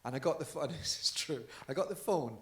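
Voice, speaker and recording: Speaking fairly quickly with a high-leaning voice and lively intonation, a man swaps chatty stories and laughs along while interviewed on stage as a guest dancer. The live storytelling event takes place in a large conference hall, and the stage mic carries noticeable echo.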